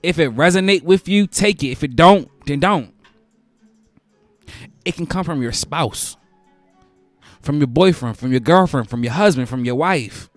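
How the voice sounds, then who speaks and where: A man's voice: on the high side, expressive, measured pace, pauses often, dry recording, faint music behind. A male host giving advice in a casual, preachy monologue, repeating phrases for emphasis.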